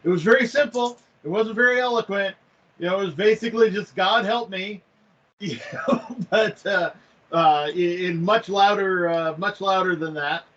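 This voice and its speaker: Hesitant man, slightly raised pitch. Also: moderate pace, fairly bright tone. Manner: hesitant, many fillers. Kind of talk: casual chat. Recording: slightly muffled recording.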